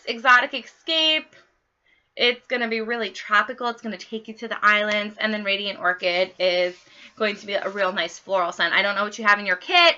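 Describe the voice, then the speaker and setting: Bright, fast-talking bubbly woman. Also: on the high side, highs cut off. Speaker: party consultant training others. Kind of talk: casual training demo.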